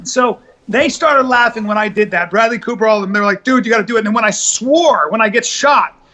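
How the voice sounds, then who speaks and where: High bright animated male storyteller. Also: brisk. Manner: animated storyteller, many restarts, swears. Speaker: guest, comedian and actor. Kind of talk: casual podcast chat.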